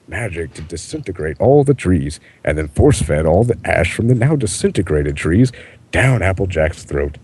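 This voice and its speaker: A man with a low, husky voice reading absurd fan fiction aloud. His delivery is mostly deadpan but his pitch swings widely, and he keeps breaking into laughter. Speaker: reader.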